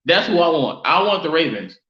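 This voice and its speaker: A man hosting a casual sports fan live stream, chatting loosely and giving viewers shout-outs. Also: a little high, big pitch swings, brisk. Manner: casual, reads and answers chat shout-outs. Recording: roomy, dull lo-fi sound.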